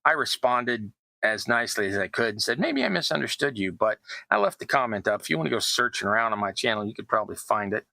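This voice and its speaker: A man's voice: fairly low pitch, expressive, fast talker, vocal fry, pushed and bright, dry recording, poor audio. A middle-aged man, chatting casually as he builds tabletop terrain, rambling and poking fun at himself. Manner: chatty, self-deprecating, rambling asides. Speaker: terrain crafting YouTuber. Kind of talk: casual crafting narration.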